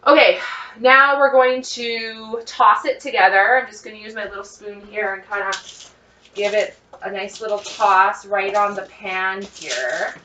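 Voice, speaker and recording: A woman chatting excitedly to her viewers as she cooks, thinking out loud in a casual vlog. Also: medium pitch, measured pace, roomy sound, distant mic, highs cut off, slight background noise. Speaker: cooking vlogger. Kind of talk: casual cooking vlog, talking to camera. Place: home kitchen.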